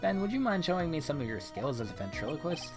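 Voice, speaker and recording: A man's voice: on the high side, sing-song, fast talker, over music, voice pushed up. A man reading aloud the lines of an earnest young male defense attorney from a game, in a matter-of-fact questioning way. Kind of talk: game dialogue read aloud.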